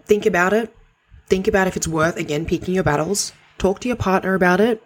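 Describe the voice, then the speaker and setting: A woman's voice: fairly low pitch, brisk. A woman hosting a podcast, giving direct, practical coaching advice in a conversational way and swearing casually now and then. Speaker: podcast host.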